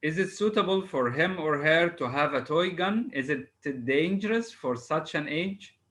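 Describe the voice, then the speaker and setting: A man's voice: fairly high pitch, lively intonation, normal speed, a bit bright, rough recording. A man teaching English over a video call. He is patient, spells words out letter by letter and hesitates often. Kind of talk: online class drilling exam word formation.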